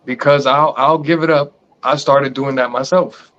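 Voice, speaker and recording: Speaking at normal speed in a medium-pitched voice, a man co-hosts a casual podcast chat. He tells stories with animation, acting out the lines of other people, and the sound is dull and lo-fi.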